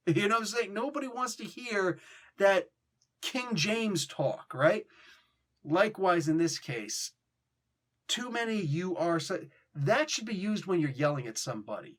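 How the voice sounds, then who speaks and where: An animated young man with a slightly higher voice talks through a comic book review in loose, slangy chat. He often drops into quick mock voices to act out lines. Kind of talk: casual video review.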